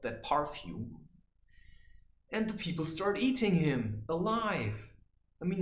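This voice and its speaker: A man giving advice in a rambling casual monologue, saying "you know" constantly and mocking people in high teasing voices. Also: roomy sound, slight background noise. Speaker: vlogger giving life advice.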